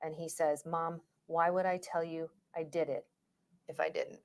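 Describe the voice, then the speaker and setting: Low, flat-voiced woman co-hosting. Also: measured pace. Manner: calm, with short agreeing replies. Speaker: true crime stream co-host. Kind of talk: casual chat, reading transcript excerpts aloud.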